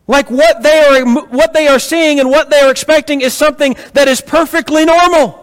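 A man preaching a sermon to a congregation, telling stories with rhetorical questions in an animated way. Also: very high-pitched, normal speed, hardly any pauses. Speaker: pastor. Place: church hall with congregation. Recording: echoey hall.

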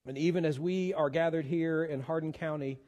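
A man's voice: fairly high pitch, steady tone, a little fast, a little mellow, big-room sound, lo-fi sound. A man preaching a sermon as pastor, earnest and given to repeating words as he searches for the next one. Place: church sanctuary.

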